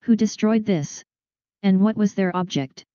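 A woman voicing a fussy, excitable middle-aged male detective who breaks into French words, in a dull lo-fi recording. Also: mid-range voice, unhurried, no echo, lightly acted. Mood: angry. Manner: exclamatory, peppered with French words.

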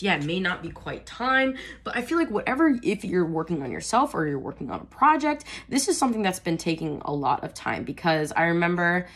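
A woman's voice: fairly low pitch, expressive, normal speed, fairly bright tone. A woman with a stuffy, nasal voice from a cold, giving a chatty tarot reading and calling listeners darling. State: congested with a cold. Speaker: tarot reader.

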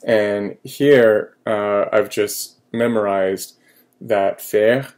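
A man teaching a recorded French lesson, slow and patient with many fillers, repeating each French phrase. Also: lowish voice, fairly even intonation, a little mellow.

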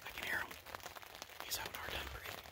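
A man whispering excitedly in a hunting vlog from a blind outdoors, shaking with adrenaline, recorded on a handheld camera. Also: quick pace. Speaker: bear hunter.

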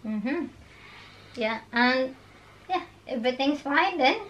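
Animated woman vlogger, high voice. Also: takes it slowly, dull audio, slight background noise. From Philippines. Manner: animated, laughing, broken phrasing. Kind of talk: casual storytelling chat.

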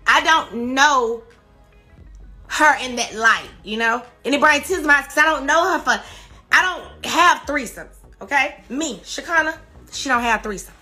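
A woman pours out an emotional livestream rant while crying, her high voice bright and edged. She repeats emphatic, defensive denials again and again. Faint music plays behind her. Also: animated, normal speed. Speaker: social media personality on a live stream.

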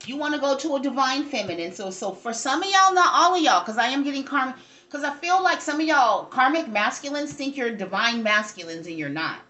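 A woman's voice: sits high, expressive, a little fast, sharp tone. A woman giving a casual tarot reading, blunt, profane and rambling as she talks straight to her viewers. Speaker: tarot reader.

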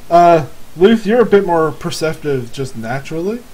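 A man's voice: fairly high pitch, very animated, normal speed, darkish tone, slight background noise, rough recording. Casual man running a tabletop game. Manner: casual, giggly, filler-heavy narration. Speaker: game master.

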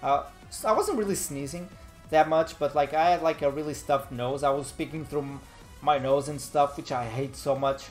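A man's voice: a little high, normal speed, soft background music. A young man chatting casually on a live stream, rambling and laid-back, still a little nasal from a cold. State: slightly nasal from a fading cold.

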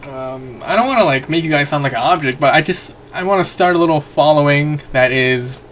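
A man's voice: a little high, a little fast, a bit bright, a little hiss or hum. A young man talking casually in a home vlog, rambling with lots of fillers. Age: young adult. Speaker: vlogger.

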